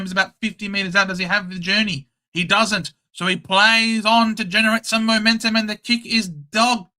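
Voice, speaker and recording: A young Australian man hosting a casual live watchalong, calling the play in a chatty, excitable and blunt way. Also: high-pitched, normal speed, hardly any pauses. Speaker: host. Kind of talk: casual live match commentary.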